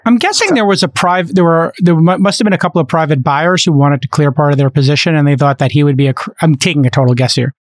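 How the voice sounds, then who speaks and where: A man's voice: on the high side, fast talker, hardly any pauses, dry recording. Male host, wry and chatty, steering a roundtable; dry close-mic sound. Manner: wry, leads the discussion with asides. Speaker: podcast host. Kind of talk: casual chat.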